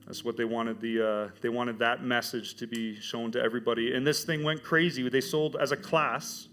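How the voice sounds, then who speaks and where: A middle-aged man telling his church testimony as a teacher, with animated storytelling. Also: medium pitch, moderate pace, faint music behind. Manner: animated storytelling, acts out quoted voices. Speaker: high school teacher giving a testimony.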